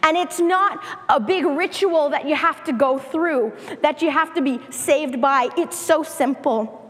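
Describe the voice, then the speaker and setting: High, slow woman preaching in a hall. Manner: slow, emphatic preaching with repetition. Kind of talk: sermon.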